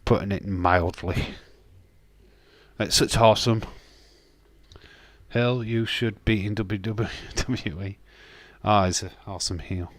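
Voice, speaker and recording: This lowish male voice is fairly bright, with fairly even intonation, a slow pace, long pauses and no echo. The speaker, a Yorkshire-accented man from Castleford, England, hosts a live stream, chatting casually and bluntly with free swearing and restarted sentences. He reads viewer comments during a casual watch-along.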